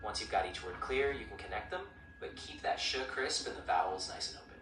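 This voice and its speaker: Male ai voice assistant, upbeat and encouraging, lowish voice coming from a speaker across an echoey room with hiss. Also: fairly quick. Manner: upbeat, encouraging, even-paced explanations. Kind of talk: friendly coaching chat. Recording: roomy, distant speaker playback with clear noise.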